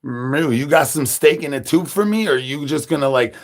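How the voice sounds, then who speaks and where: A man's voice: on the high side, expressive, moderate pace. A man doing a crude, absurd comedy monologue, rattling off rhyming nonsense and repeated catchphrases and calling for brains like a zombie. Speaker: comedy streamer.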